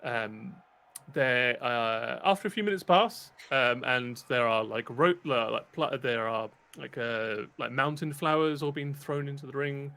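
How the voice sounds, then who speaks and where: A man's voice: medium pitch, a little slow, vocal fry, pushed and bright. A British man narrating a tabletop game as game master, rambling with many fillers and restarts.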